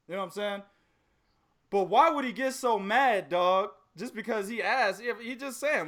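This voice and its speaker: A man with a high, lively voice hosts a casual podcast chat, swinging his pitch widely as he jokes and laughs through profane trash talk. His tone is bright and sharp. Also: normal speed. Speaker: podcast host.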